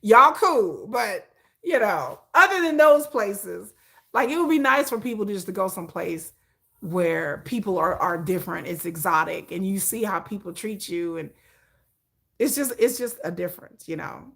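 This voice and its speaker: A woman hosting a casual livestream, animated and opinionated, often breaking into laughter. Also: mid-range voice, moderate pace, gravelly. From United States. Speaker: livestream host.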